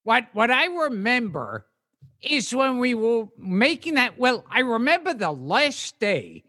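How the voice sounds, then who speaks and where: A man hosting a casual chat, recalling stories in a halting, stammering way. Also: very high voice, very animated, bright, forceful tone. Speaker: host.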